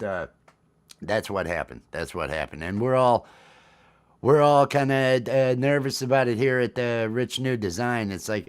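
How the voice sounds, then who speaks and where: A man hosting a casual comedic livestream, murmuring asides and then greeting viewers loudly and cheerfully. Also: mid-range voice, clean tone. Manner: mumbled whispering asides before the show; loud upbeat show greeting. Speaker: livestream host.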